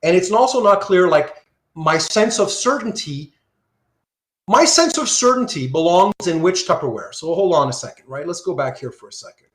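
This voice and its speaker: A man's voice: high voice, expressive, moderate pace, a bit bright, roomy sound. A man teaching a philosophy class online, talking casually, reading out student comments and checking in with "right?" after nearly every point. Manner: conversational, asks "right?" often, reads student comments aloud. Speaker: philosophy lecturer. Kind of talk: live online lecture. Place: Surrey, Canada.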